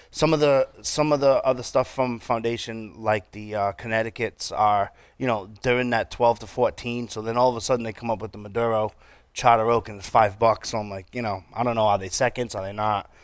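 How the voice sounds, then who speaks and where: A man with a New England accent co-hosting a casual chat, relaxed and halting with lots of fillers. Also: mid-range voice, smooth, dry recording. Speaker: podcast co-host.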